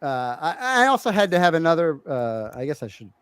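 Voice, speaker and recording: Animated middle-aged male podcaster. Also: on the high side, a little fast, noisy background. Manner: animated storyteller acting out his kids' voices. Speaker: podcast co-host. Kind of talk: casual chat, telling a family story.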